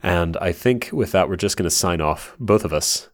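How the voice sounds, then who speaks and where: Low-voiced man hosting a podcast. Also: moderate pace. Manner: laughs through flubbed intros, swears. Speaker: podcast host. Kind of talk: casual gaming podcast chat. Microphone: desk microphone.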